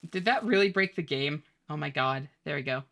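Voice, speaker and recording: A young woman streams a game and chats casually with her viewers, laughing easily as she answers them. Her voice sits low, with a bright, forceful edge. She talks into a desk mic. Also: expressive, fairly quick. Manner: chatty, reads chat aloud, laughs often. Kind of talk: casual live-stream chat.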